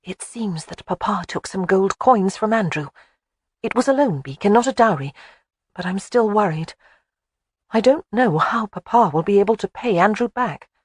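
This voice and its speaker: A narrator voicing a headstrong young woman in an audiobook, quick to argue and proud. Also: medium pitch, lively intonation, breathy edge, dry recording, studio quality, voice pushed up. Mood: worried. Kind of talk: audiobook character voice.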